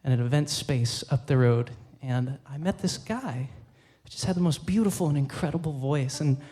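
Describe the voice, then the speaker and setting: A man, the band's violinist, telling an animated story on a theater stage into a stage microphone, acting out scenes with sudden jumps in pitch. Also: normal speed. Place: theater stage at a live concert.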